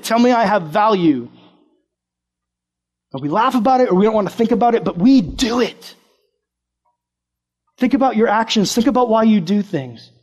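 Young male preacher, high voice, relaxed chatty delivery full of stories. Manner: casual, animated storytelling with acted-out quotes. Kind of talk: sermon with personal story.

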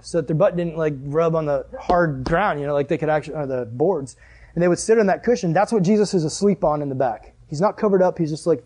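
A young man preaching a sermon in a casual, jokey way, telling a family story and acting out the people in it. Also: on the high side. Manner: animated, jokey, acts out the characters in his stories.

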